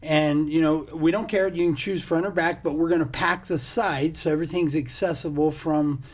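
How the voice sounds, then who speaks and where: Middle-aged male podcast co-host, husky voice, lively storyteller, slightly high. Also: moderate pace. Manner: animated storyteller, laughs often. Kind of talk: casual chat.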